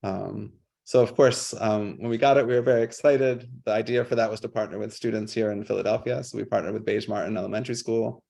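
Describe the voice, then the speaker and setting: A man presenting his public art work on a video call, casual and halting, with many fillers and restarts. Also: lowish voice, steady tone, gravelly, darkish tone. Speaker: guest artist.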